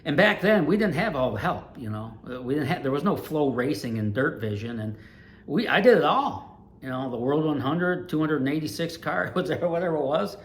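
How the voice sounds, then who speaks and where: A man in his sixties from Ohio, an animated storyteller recalling his years as a race announcer. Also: on the high side, fairly quick. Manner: animated, lively storyteller with big swings in loudness. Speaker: retired dirt track race announcer, channel host.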